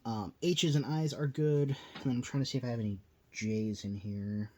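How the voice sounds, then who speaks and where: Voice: medium pitch, moderate pace, warm tone, lo-fi sound. A host giving casual, rambling commentary while opening card packs, a little tired and full of fillers. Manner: rambling, filler-heavy, self-deprecating.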